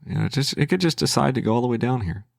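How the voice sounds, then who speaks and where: A man's voice: medium pitch, lively intonation, rapid-fire, creaky, no echo, clean studio sound. A man giving casual, hesitant commentary as a trading channel host, thinking aloud with restarts.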